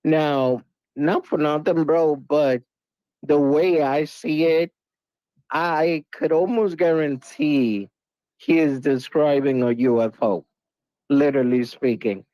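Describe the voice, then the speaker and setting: A man's voice: a little high, slow pace, no echo. A man chatting casually on a group call, tossing in slang, heard over dull lo-fi call audio.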